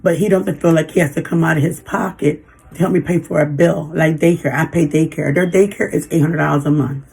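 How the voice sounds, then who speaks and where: A woman in her fifties venting in a personal vlog, halting and emotional, holding back tears. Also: sits low, fairly even intonation, vocal fry, darkish tone, husky. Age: 50s. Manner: emotional, halting, frequent restarts. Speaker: vlogger.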